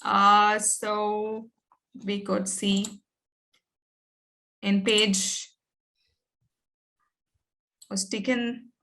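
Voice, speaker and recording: A woman's voice: mid-range voice, flat delivery, drawn-out words, pauses often, pushed and bright. A woman teacher, patiently coaxing pupils in an online class, with many fillers and "okay"s.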